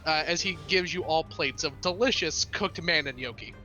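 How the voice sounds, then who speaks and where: Bright-voiced man running a tabletop game. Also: on the high side, moderate pace, soft background music. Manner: chatty, many fillers and restarts while narrating. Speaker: game master.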